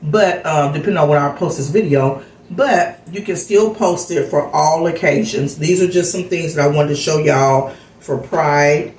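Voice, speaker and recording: A woman's voice: low voice, a little mellow, reverberant, slight background noise, low-quality recording. A middle-aged woman vlogger chatting candidly and telling a personal story in a casual way. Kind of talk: casual chat vlog.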